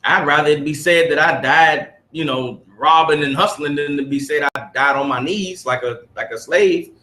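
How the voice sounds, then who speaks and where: The voice is a man's, on the high side and sharp in tone, at an ordinary pace. He leads a group lesson with a preachy edge, reading passages and pressing listeners with rhetorical questions. The room echoes noticeably.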